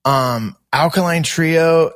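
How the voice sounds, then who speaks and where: A man's voice: fairly high pitch, slow pace, fairly bright tone. A middle-aged man telling a long story in casual chat, acting out quoted voices and swearing freely. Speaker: podcast guest musician.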